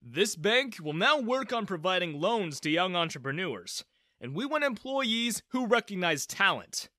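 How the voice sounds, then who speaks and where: A man's voice: high-pitched, sing-song, measured pace, pushed and bright, no room sound, clean studio sound, pitched above the performer's own voice, full character voice. A man voicing a formal male bank director making an announcement.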